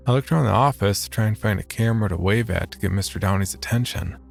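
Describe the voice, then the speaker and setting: A man narrating a first-person horror story in a measured, steady voice. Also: fairly low pitch, gravelly.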